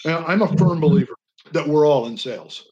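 Over a radio call-in line, an older veteran advocate being interviewed recounts stories with sincerity and passion, leaning on inflection to drive points home. His slightly high voice is warm and fairly quick, though the audio sounds dull.

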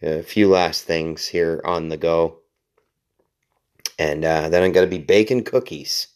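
A man's voice: deep voice, unhurried, a little mellow, clean tone. A man hosting a podcast, telling a long story casually, with lots of swearing, restarts and laughter. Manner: rambling, profane, self-mocking, laughs often. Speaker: podcast host.

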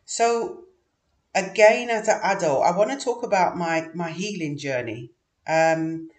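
A middle-aged man speaking in a reflective personal monologue, earnest and measured, with frequent pauses. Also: sits high. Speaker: vlogger sharing personal story. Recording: echoey room.

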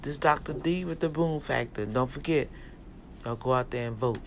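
A man speaks at a moderate pace in a mid-range voice. As a vlogger and self-publisher, he addresses viewers directly in a folksy, emphatic, sermon-style rant to camera that urges them toward God.

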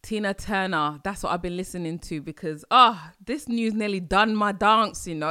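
A woman from London with a London accent, hosting a casual solo podcast, chatty and animated with sudden exclamations. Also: fairly low pitch, normal speed, few pauses. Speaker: podcast host.

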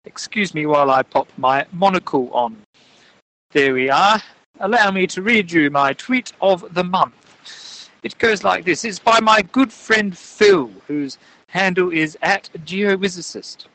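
A podcaster putting on a pompous, posh English gentleman with a monocle, reading in a stiff, overly formal way. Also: mid-range voice, expressive, measured pace, dry recording, poor audio. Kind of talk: mock-posh impression in casual chat.

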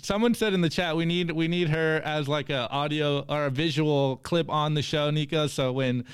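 A man co-hosting a casual podcast, upbeat as he reads out memes and gives shout-outs. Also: a little high, fairly even intonation, moderate pace, clean tone, dry recording. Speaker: co-host presenting the meme segment.

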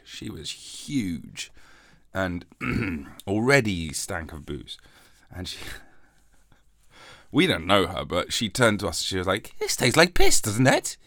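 A man's voice: deep voice, gravelly, a bit bright, no room sound, studio quality. A man hosting a comic solo podcast, rambling and mock-defensive, with a lingering cough after covid. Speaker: podcast host.

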